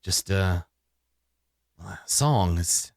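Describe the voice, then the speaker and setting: A haunted, jittery barkeep, as a man plays him in a tabletop game. He speaks low and hushed, stumbling and restarting his sentences. The sound is dry and close. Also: lively intonation, dry recording, heavily acted. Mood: uneasy. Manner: hesitant, halting, quiet. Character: nervous, shaken male barkeep.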